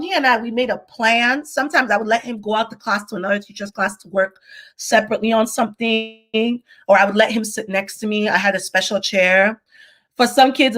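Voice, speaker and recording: A young adult woman, a teacher, telling classroom stories in a lively conversational way, jumping up in pitch when she quotes children. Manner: animated, acts out quotes with sudden high pitch jumps. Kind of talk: conversational storytelling.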